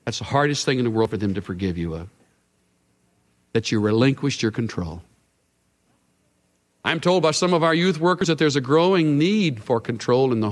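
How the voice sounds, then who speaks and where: A male pastor with a mid-range voice preaches an earnest sermon, his voice swelling and then sinking to a hush. The recording carries a long hall reverb.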